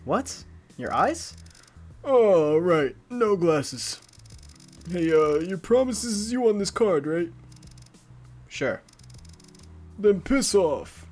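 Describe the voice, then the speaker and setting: Casting: a man putting on a cranky old shopkeeper, high and strained, near blind, short-tempered. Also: sing-song, slow, pauses often, darkish tone, soft background music, heavily acted. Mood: grumpy. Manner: grumbling, impatient.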